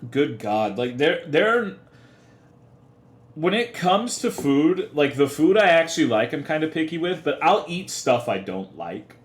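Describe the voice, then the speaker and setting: A man's voice: fairly high pitch, very animated, unhurried. A young man livestreaming, chatting casually with his chat in profane, rambling, half-joking rants. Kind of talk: casual live-stream chat. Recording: echoey room.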